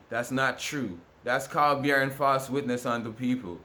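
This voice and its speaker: A man's voice: mid-range voice, steady tone, normal speed, few pauses, bright, forceful tone. A man vlogging to camera in a rambling, repetitive, aggrieved rant with many restarts. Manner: ranting, aggrieved. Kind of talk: casual monologue to camera.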